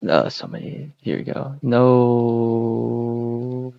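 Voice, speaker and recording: A man thinking aloud in a casual, wry, halting way while he codes, speaking close to a desk mic. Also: mid-range voice, level tone, creaky, no room sound, muffled recording. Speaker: streamer coding on screen.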